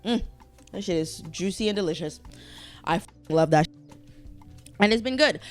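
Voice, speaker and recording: A woman's voice: lowish voice, expressive, moderate pace, pauses often, soft background music. A woman hosting her own podcast in a casual, rambling solo chat. She swears freely, trails off, restarts her sentences and speaks candidly. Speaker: podcast host.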